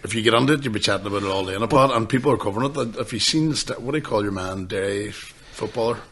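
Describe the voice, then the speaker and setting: A man, co-hosting a podcast, swearing and telling stories excitedly. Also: on the low side, racing, a little hiss or hum. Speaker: podcast co-host. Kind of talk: casual chat.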